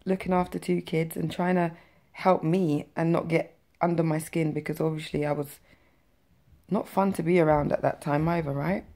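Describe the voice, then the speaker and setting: Gravelly low-voiced woman telling a story. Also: steady tone, normal speed, warm tone. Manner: chatty, emphatic, many fillers and "right?" tags. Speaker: vlogger sharing her cancer story. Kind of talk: personal storytelling to camera.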